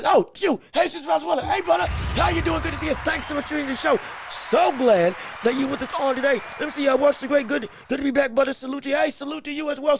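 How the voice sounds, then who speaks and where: A man hosting a live boxing podcast stream, talking excitedly, laughing, restarting his sentences and calling out greetings to viewers in chat. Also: very high-pitched, gravelly, no room sound, studio quality. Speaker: podcast host.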